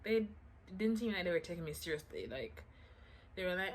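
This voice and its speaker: A woman's voice: lowish voice, sing-song, fairly quick, pauses often. A woman vlogger telling a casual storytime to her viewers in a chatty way, full of "like" fillers and self-mocking asides.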